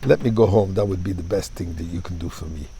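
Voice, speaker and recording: A man's voice: low voice, quick pace, mellow, a little hiss or hum, voice pushed down. A man voicing a poor, humble Jewish man in a spoken parable, speaking plaintively.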